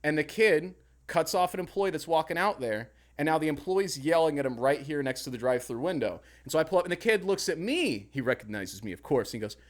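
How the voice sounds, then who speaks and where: A young man spins a story in casual podcast chat, his voice sitting a bit high for a man. He is animated and swears freely, acting out his own angry outbursts. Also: quick pace. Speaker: podcast co-host.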